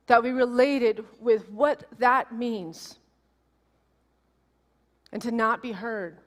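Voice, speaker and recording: A woman's voice: fairly high pitch, takes it slowly. Woman preaching in a reverberant hall. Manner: animated, emotional storytelling with acted quotes. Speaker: minister. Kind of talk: sermon with personal storytelling. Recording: long reverb of a large hall.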